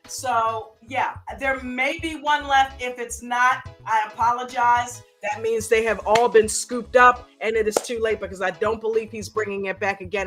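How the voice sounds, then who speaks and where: A woman hosts a live stream in a loose, chatty way and keeps the energy up. Her voice sits a little high and sounds bright and forward. Faint music plays underneath. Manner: upbeat, chatty, pitching memberships. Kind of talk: casual live-stream chat.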